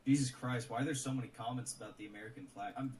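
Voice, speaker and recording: A man's voice: medium pitch, steady tone, very fast, a little mellow. A man giving political commentary in an earnest, lecturing way, heard in a played clip. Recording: distant clip with faint noise.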